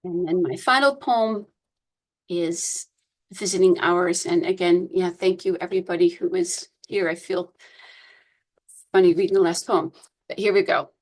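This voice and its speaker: A woman reading her own poems aloud at a poetry reading, in a slow, measured way. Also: fairly low pitch. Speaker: poet reading.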